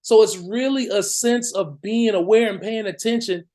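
A man in his forties with a high-pitched voice speaks as a guest on a podcast. He is emphatic and affirming, and he leans into his points as he makes them. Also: normal speed, dark tone. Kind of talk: casual podcast conversation.

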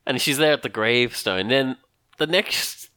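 A man's voice: medium pitch, moderate pace, bright, forceful tone, clean tone, dry recording, clean studio sound. A man co-hosting a casual chat, rambling with lots of fillers and jumping into silly acted-out voices. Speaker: podcast co-host.

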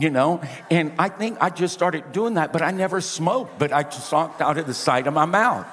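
A man preaching from the pulpit in a big, carrying voice that comes a little from the side of his mouth. His pitch sits fairly high for a man. His storytelling is folksy and self-deprecating, and long reverb trails each phrase in the church. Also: expressive, normal speed, hardly any pauses, fairly bright tone. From Louisiana. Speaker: pastor. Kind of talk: storytelling sermon. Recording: reverberant hall.

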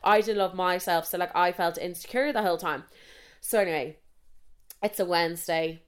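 A woman's voice: fairly low pitch, steady tone, normal speed, clean tone. A young woman in her twenties hosting a podcast, telling a personal story in a candid, chatty way, swearing freely and often saying "so anyway". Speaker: podcast host. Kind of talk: casual storytelling monologue.

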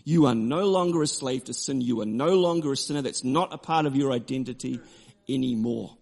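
A man preaching a sermon, emphatic and repetitive, shifting between forceful declarations and quieter storytelling. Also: mid-range voice, brisk, vocal fry. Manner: emphatic, repeats key phrases, drops to quiet storytelling. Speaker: pastor.

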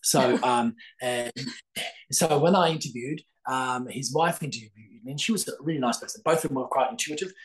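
A man's voice: mid-range voice, brisk, rough recording. An older man, a guest telling a long story with many fillers and restarts in a podcast interview. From Australia. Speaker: guest, psychic author.

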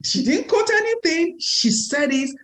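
A woman's voice: very high voice, lively intonation, unhurried, fairly bright tone. A woman hosting an interview podcast, talking in an emphatic, encouraging way. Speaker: podcast host.

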